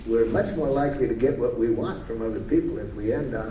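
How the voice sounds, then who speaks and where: A man's voice: medium pitch, fast talker, mellow. A man leading a communication workshop, teaching through role-play and playful storytelling. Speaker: workshop leader. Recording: roomy hall, distant mic, faint hiss.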